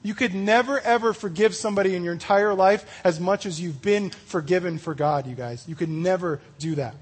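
A man giving a casual youth sermon, chatty and full of "like" and "you know", acting out the story's speakers in quick asides. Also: high-pitched, husky. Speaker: youth pastor.

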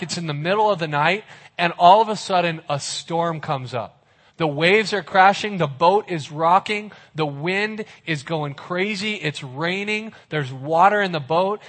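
A man's voice: on the high side, fairly bright tone. A man preaching a sermon as a pastor, retelling a story vividly with casual asides to the listeners.

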